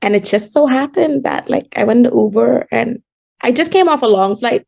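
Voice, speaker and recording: Bahamian girl in her 20s, kinda high voice, lots of vocal fry, chatty guest. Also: darkish tone. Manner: chatty, fast, laughs while telling stories. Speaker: guest calling in. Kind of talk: casual chat.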